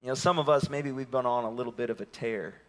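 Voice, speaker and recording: A man in his thirties preaching a sermon and telling a story, swinging from loud calls to hushed near-whispers. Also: mid-range voice, quick pace, long reverb tail. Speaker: pastor.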